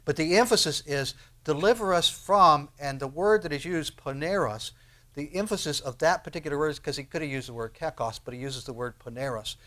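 A man preaching a sermon as pastor, swinging from hushed, low phrases to loud emphatic ones and asking his listeners rhetorical questions. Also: brisk.

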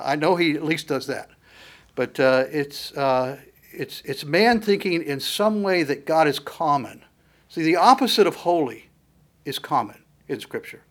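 A man preaching a sermon in an earnest, emphatic teaching manner, with frequent fillers and restarts. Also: fairly high pitch.

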